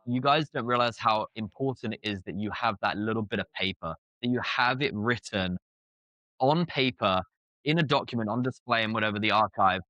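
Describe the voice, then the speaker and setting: A man's voice: fairly low pitch, pushed and bright, no room sound. A British man speaking as a podcast guest, blunt and chatty with lots of filler words. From Britain. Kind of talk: casual conversational interview.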